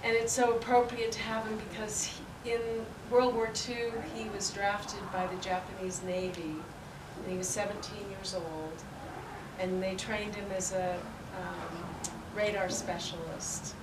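A woman reminiscing and reading poetry aloud at a peace forum, in an unhurried, warmly reminiscing way. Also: medium pitch, level tone. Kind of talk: spoken recollection and poetry reading. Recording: roomy, distant, noisy event recording.

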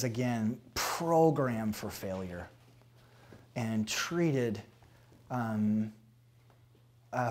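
A pastor in his thirties answering interview questions candidly, acting out past conversations with animated storytelling. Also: on the low side, slight background noise. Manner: animated storytelling, acts out dialogue.

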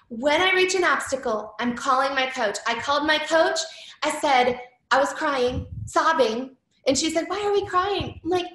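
A woman's voice: sits high, a bit bright. A woman in her thirties hosting a live call as a wellness coach, giving an earnest, encouraging motivational talk full of personal stories. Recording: roomy echo.

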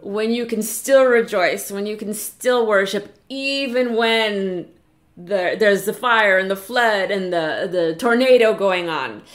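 A woman preaching a chapel message, earnest and encouraging, slowing down to read scripture aloud. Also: medium pitch. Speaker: chapel speaker. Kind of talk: sermon.

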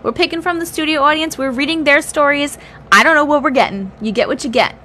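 A woman's voice: sits high, pushed and bright, slight background noise. Chatty woman reading stories on a livestream. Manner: chatty, teasing and blunt with viewers; reads aloud with feeling, pausing to react.

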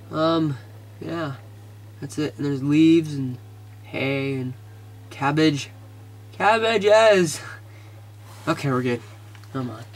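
A man casually commentating his video game, excitable and easily frustrated, muttering to himself. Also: medium pitch. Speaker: gamer.

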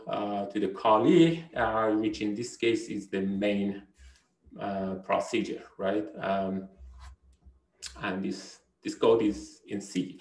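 This recorded university lecture features a man with a lowish voice, captured roughly in a reverberant space. His delivery is halting, with many fillers and false starts, and he frequently asks "right?"

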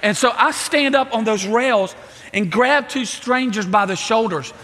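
A middle-aged man preaching a sermon, telling a story with lively acted-out voices. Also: extremely high pitch, a little slow. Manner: animated storytelling, acting out voices. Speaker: pastor. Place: church sanctuary. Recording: reverberant church hall.

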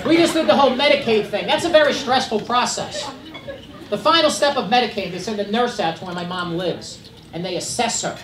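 A middle-aged stand-up comic with a very high-pitched voice speaks briskly, delivering dry, conversational stories and audience asides from a club stage. Loud laughter and crowd noise dominate the distant, roomy live recording.

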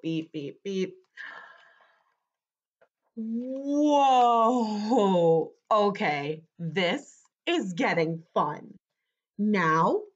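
A woman's voice: mid-range voice, slightly rough, highs cut off, exaggerated voice. A woman voicing a bossy, playful male book character who exclaims and coaxes the listener into actions.

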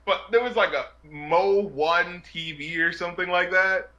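A man hosting a casual chat, telling stories in an animated way and often breaking into laughter. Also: sits high, unhurried, dull audio. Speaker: music video reviewer and show host.

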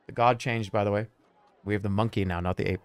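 A man's voice: fairly low pitch, quick pace, clean tone, a faint crowd. A man streaming, reading a fantasy gamebook aloud with joking asides and laughter. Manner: animated, joking, laughs between lines.

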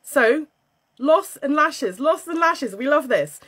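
A British woman hosting a casual livestream from home, bubbly, excitable and a bit scatty as she chats to viewers. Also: high-pitched, slow pace. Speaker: livestream host selling beauty and wellness kits. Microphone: phone.

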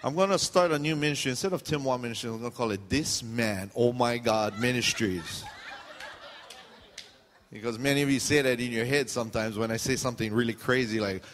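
A man's voice: mid-range voice, brisk, a bit bright, in a large hall, slight background noise. A man preaching a sermon as pastor, casual and joking, acting out what his listeners are thinking. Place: church sanctuary.

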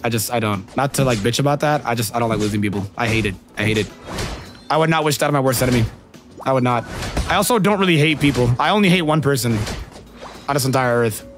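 A man's voice: mid-range voice, fast, over music. A man streaming a game and chatting with viewers, slangy and profane and laughing often. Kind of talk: casual livestream chat with viewers.

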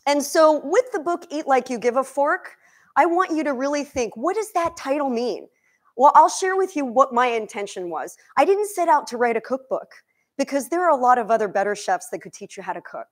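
A woman nutrition coach and cookbook author from Egypt, giving a lively talk to a live audience in a demo kitchen, asking them questions. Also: sits high, fairly quick. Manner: energetic, questions the audience, emotional.

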